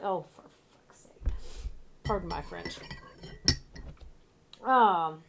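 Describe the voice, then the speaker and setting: A woman's voice: lowish voice, very slow, vocal fry, pauses often, very noisy. A woman streaming a video game, chatting casually and bluntly, now and then swearing. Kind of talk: casual gameplay commentary.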